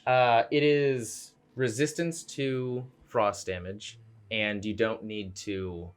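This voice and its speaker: A man's voice: on the low side, fairly even intonation, takes it slowly, clear, resonant tone. A young man narrating a tabletop game as game master, rambling with many fillers, on a home mic over a voice call.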